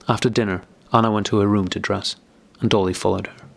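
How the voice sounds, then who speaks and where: A man reading an audiobook as narrator, in a steady, measured narration. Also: fairly low pitch, creaky. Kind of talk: scripted narration.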